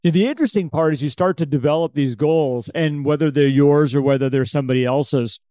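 A man's voice: a little high, a little fast, no room sound. A man co-hosting a casual podcast chat, talking with energy and acting out an inner voice. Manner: animated, acts out an inner voice. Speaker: podcast co-host.

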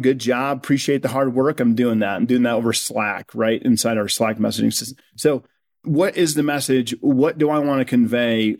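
Podcast guest guy, middle pitch, energetic and persuasive, just chatting. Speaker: guest, company co-founder. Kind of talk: podcast conversation.

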